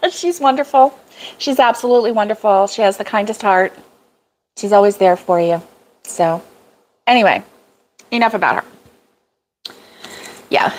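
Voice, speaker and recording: Streaming live from a woodland cabin, this middle-aged crochet vlog host is chatty, laughs a lot, and reads out comments from her viewers. Her voice sits on the low side, and the low-quality recording carries a little hiss or hum.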